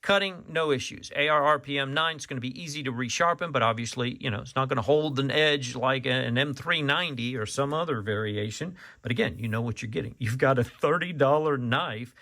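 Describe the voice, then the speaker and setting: A man's voice: mid-range voice, a little fast, few pauses, sharp tone. A man giving a casual, rambling knife review, folksy and saying "y'all" often.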